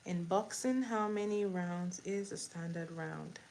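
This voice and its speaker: In a rough recording with some background noise, a woman with a fairly low, darkish voice plays host to casual trivia on a livestream. She applies makeup as she talks, welcomes viewers, repeats each question, speaks slowly, and laughs a lot.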